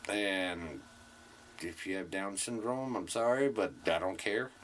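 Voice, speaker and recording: A man co-hosting a casual podcast, joking crudely in slow, drawn-out talk. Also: sits low, a bit bright, a little hiss or hum. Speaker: podcast co-host. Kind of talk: casual chat.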